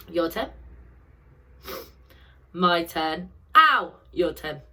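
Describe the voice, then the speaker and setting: A woman leads a children's phonics drill in a sing-song way. Her pitch leaps up and down with every word, she speaks slowly and carefully, and her voice sits a little low. Each answer gets quick praise. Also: sing-song, bright, forceful tone. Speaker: phonics teacher. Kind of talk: recorded phonics lesson for children.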